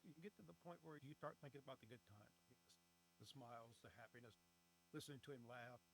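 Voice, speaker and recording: An older man speaking in a quiet, halting, reflective way as a guest in an interview. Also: mid-range voice, animated, gravelly, slight background noise, rough recording. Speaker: stepfather and guest.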